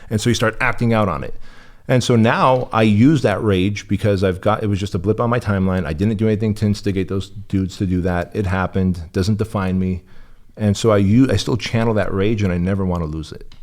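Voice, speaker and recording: A man's voice: fairly low pitch, steady tone, a little fast, a little mellow. A man from Armenia, the guest in an interview, telling his story bluntly and with profanity. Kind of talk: candid interview talk.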